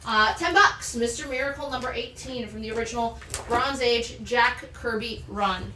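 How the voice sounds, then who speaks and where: A high, bright-voiced woman hosts a live comic sale, enthusiastic and chatty as she runs through issues and prices. She sounds a little off-mic in a roomy space. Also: normal speed, recorded from a distance. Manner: enthusiastic, chatty, rattles off item details. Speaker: host selling comics on a live show. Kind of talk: live sales pitch. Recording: roomy, off-mic, faint background noise.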